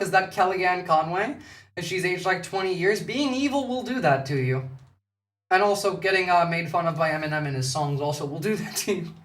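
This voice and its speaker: A man's voice: high voice, sharp tone, distant mic. Mocking male streamer, foul-mouthed and sarcastic, sits back from the mic in a roomy space. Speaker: political commentary streamer. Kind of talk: casual live-stream commentary.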